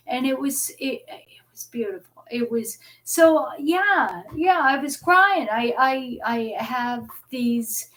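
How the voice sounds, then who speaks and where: A middle-aged woman hosting a live chat show from home into a webcam, talking earnestly with many halting restarts. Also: high-pitched, expressive, a bit bright, poor audio. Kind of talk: emotional live-stream chat.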